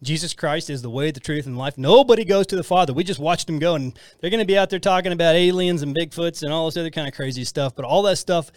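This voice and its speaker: A man's voice: on the high side, fast talker, few pauses, no room sound. Earnest man teaching scripture, dry sound. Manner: earnest, rambling with many restarts and fillers. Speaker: podcast host teaching the Bible. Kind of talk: casual Bible teaching.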